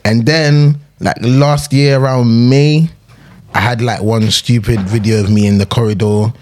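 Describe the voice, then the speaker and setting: A man's voice: medium pitch, steady tone, unhurried, darkish tone. A young man from England with a British accent, a comedian guest chatting casually in slangy, laid-back talk and laughing often. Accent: British English. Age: young adult. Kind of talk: casual chat.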